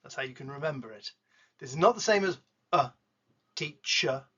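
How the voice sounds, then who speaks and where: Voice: mid-range voice, animated, moderate pace, bright, forceful tone, husky, highs cut off. An English pronunciation teacher with an English accent, giving a playful lesson and drawing out vowel sounds with jokes along the way. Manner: jokey, demonstrates sounds with exaggerated vowels.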